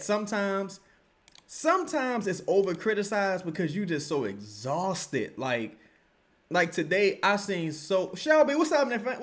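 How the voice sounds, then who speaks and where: A young man rants through a basketball live stream, swearing freely and punching each point with "right?". His voice sits a little high. It jumps all over the place as he gets worked up. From Louisiana. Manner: animated, profane, repeats points with "right?". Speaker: sports commentary streamer.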